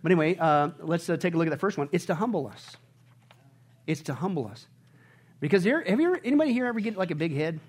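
A man preaching a sermon as pastor, asking the congregation questions and shouting with joy at high points. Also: fast. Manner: animated preaching, shouting and laughing at peaks.

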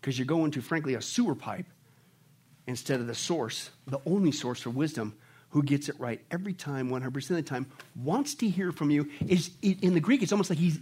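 A man preaching a sermon, animated, asking the congregation rhetorical questions and acting out quick mock voices. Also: fairly high pitch, husky. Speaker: pastor.

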